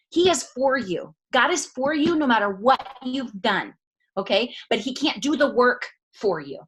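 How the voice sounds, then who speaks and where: A woman giving an emphatic motivational talk on a video call, swinging from loud to hushed. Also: fairly high pitch, expressive, moderate pace, slightly rough. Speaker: network marketing leader speaking on a call.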